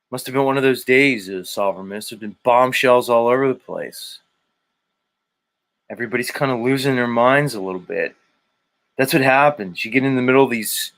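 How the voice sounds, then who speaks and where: A man with a medium-pitched, slightly bright voice hosts a casual livestream. He reads viewer comments aloud, rambling and joking with profanity, and hums to himself between them.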